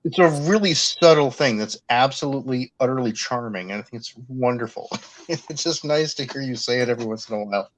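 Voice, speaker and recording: A man's voice: medium pitch, a little fast, low-quality recording. Laughing, effusive man chatting. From Worcester, Massachusetts. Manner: animated, laughs often, effusive. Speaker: chat participant. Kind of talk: casual chat.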